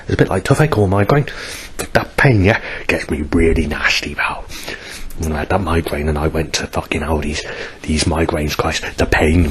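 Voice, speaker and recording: Low-voiced man, rambling and coarse. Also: moderate pace, a bit bright, a little hiss or hum. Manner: rambling, coarse, bitter outbursts. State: in pain, coughing. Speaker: vlogger. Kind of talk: rambling personal video diary.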